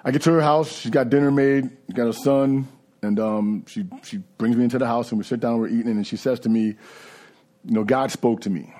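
A man's voice: medium pitch, steady tone, a little fast, mellow. A man giving a candid, conversational personal recovery testimony. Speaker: recovery speaker.

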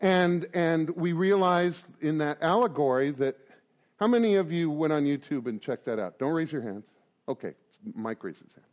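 A man around sixty giving a joking, animated talk to a recovery group, full of rhetorical asides. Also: a little high, normal speed. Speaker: recovery meeting speaker.

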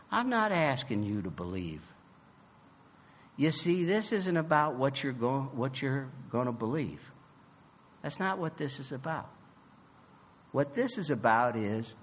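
A man giving a personal recovery testimony, animated and emphatic, acting out both sides of a conversation. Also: medium pitch, in a large hall, slight background noise. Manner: emphatic, swings from loud to soft. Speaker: recovery meeting speaker.

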